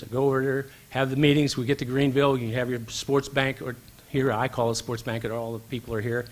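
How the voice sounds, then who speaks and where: A man giving a speech at a banquet, telling an anecdote and acting out the dialogue. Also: mid-range voice. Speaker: banquet speaker. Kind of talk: storytelling speech. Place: event hall.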